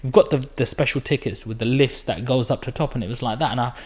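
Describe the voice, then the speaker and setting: A man's voice: mid-range voice, fast, breathy edge. A man hosting a podcast, telling a story in a casual way and acting out the quotes. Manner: animated storyteller, acts out quotes. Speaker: podcast host. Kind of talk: casual interview chat.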